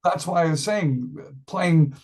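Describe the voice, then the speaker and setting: A man's voice: fairly high pitch, unhurried, a little mellow. An older man, a musician being interviewed, telling a rambling story and often laughing and acting out what people said. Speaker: musician guest.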